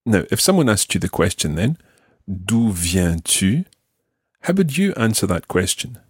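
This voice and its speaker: A man teaching a podcast language lesson, modelling phrases slowly and carefully for learners. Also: on the low side, big pitch swings, slightly rough, no echo, studio quality.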